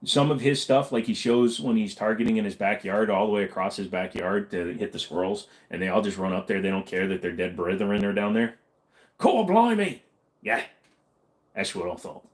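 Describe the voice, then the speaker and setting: A man's voice: lowish voice, fairly even intonation, a little fast, hardly any pauses. Man rambling through a joking chat. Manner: rambling, joking, reads chat messages aloud. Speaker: livestream host. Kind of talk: casual livestream Q&A chat.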